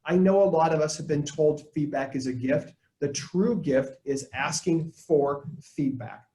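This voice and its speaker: A man presenting a live leadership webinar, coaching his audience in an energetic tone and acting out the lines he quotes. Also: a little high, a little slow, reverberant, poor audio. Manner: energetic, coaching tone, quotes people in put-on voices.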